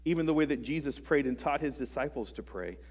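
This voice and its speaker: A male preacher speaking at an ordinary, mid-range pitch, earnest and searching as he works through his point. He often stumbles and restarts a phrase, and he drops softly at the ends of lines. He keeps turning rhetorical questions back to the people in the pews. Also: animated. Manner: halting restarts, soft trailing phrase ends. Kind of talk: sermon. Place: church service before a congregation.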